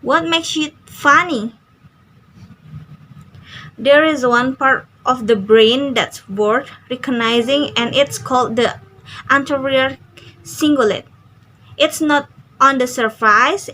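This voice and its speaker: A woman's voice: high voice, bright, forceful tone, a little hiss or hum, rough recording. A young woman, a student reading an interview transcript aloud with care, stumbling and restarting now and then. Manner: careful reading with small slips and restarts.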